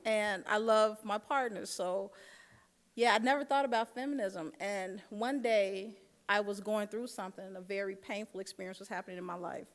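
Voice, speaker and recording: A woman's voice: mid-range voice, moderate pace. Storytelling woman speaker in a hall. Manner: storytelling, engages audience directly. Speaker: keynote speaker. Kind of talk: keynote speech. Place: large dinner hall. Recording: long hall reverb.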